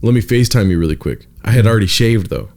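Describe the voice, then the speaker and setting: A man's voice: fairly low pitch, animated, fast, darkish tone. A young man hosting a podcast, telling a rambling story in loose casual chat, full of swearing and "dude". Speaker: podcast host.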